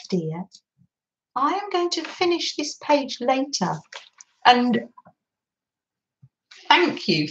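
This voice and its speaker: A woman's voice: sits high, fairly bright tone, highs cut off, a little hiss or hum. A woman chatting through a craft session at her desk, gushing over papers and cooing about how lovely everything is. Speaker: craft vlogger. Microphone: camera on desk.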